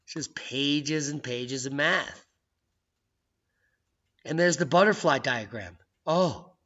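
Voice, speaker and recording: A man hosting his own video channel, talking in an excitable, jokey way that swings from loud outbursts to hushed asides. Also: fairly high pitch, slow pace. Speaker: channel host. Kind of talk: casual video commentary. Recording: dull lo-fi sound.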